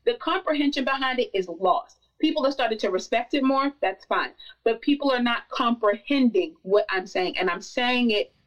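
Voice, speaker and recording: A woman's voice: fairly high pitch, animated, normal speed, few pauses. Passionate, emphatic woman, slightly distant. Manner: passionate, emphatic, repeats for stress. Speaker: podcast guest. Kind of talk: casual podcast conversation.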